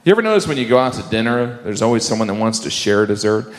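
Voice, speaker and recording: A man's voice: fairly low pitch, big pitch swings, normal speed, long pauses, fairly bright tone, slight background noise. A man doing a stand-up comedy routine, exasperated and playfully scolding.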